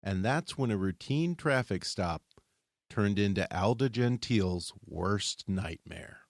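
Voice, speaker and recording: A man hosting, reading scripted narration in a measured, dramatic way. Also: on the low side, lively intonation, dry recording, clean studio sound. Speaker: host.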